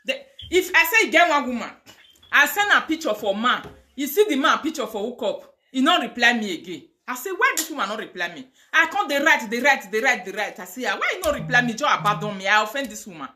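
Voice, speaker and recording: A middle-aged Nigerian woman hosting a call-in radio chat, telling stories in an animated, laughing way. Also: a little high, fast, a little hiss or hum. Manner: animated, storytelling with Pidgin and laughter. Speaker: talk show host.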